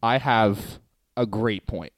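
A young man from Canada co-hosting a casual podcast, an animated storyteller who laughs and swears often. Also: lowish voice, slow pace, no room sound. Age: young adult. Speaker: podcast co-host. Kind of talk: casual chat.

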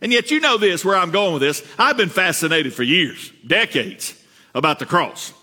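A man preaching a sermon as pastor, earnest, repeating words and climbing higher to stress a point. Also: lively intonation, normal speed, sharp tone. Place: church sanctuary. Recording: reverberant church hall.

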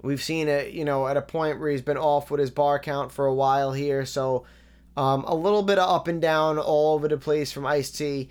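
A man giving a casual, analytical breakdown of rap lyrics, relaxed and full of fillers. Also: on the high side, moderate pace, smooth.

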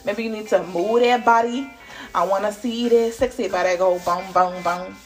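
A woman giving a casual spiritual reading, playful and laughing, dropping to whispers and jumping to loud bursts. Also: mid-range voice, moderate pace, soft background music. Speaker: spiritual reader channeling messages. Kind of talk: casual intuitive reading monologue.

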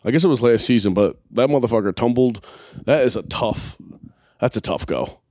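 A man rambles through a casual podcast chat, blunt and crude, his voice sitting at a middling pitch. The sound is dry and close, with no room around it. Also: expressive, moderate pace, a little mellow, dry recording. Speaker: podcast host.

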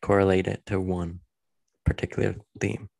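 Low gravelly man in a dry room. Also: normal speed, dry recording. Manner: hesitant, lots of fillers, relaxed. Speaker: musician co-host discussing the album. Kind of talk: casual chat.

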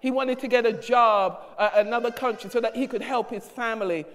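A woman's voice: fairly high pitch, brisk. A woman minister preaching a fervent sermon with emphatic repetition in a church sanctuary. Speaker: associate minister. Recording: reverberant hall.

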